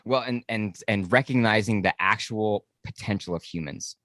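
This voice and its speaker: A male podcast host with a fairly low voice talks in an easy, conversational way, dropping in a casual curse and steady murmurs of agreement. The recording is dry and close-miked. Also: moderate pace, no echo. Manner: relaxed, conversational, occasional swearing, frequent "mm-hmm" backchannel.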